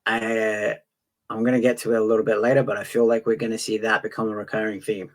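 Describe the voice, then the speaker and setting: Low-voiced man co-hosting a podcast. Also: little pitch movement, quick pace. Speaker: podcast co-host. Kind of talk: casual fan podcast review.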